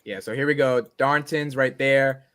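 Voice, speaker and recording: A man hosting a podcast who chats casually in a playful, excitable, teasing way. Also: mid-range voice, normal speed. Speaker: podcast host. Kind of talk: casual chat.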